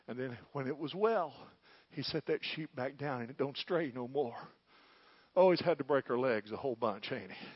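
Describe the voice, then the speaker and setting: A man preaching a sermon, with an impassioned delivery that swells to loud peaks. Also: on the high side, dry recording, muffled recording.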